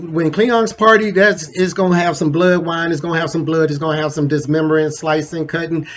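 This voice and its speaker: A man's voice: a little high, a little hiss or hum. A man hosting a casual countdown show, talking loosely and conversationally with lots of slang and asides. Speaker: host. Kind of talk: casual ranking commentary.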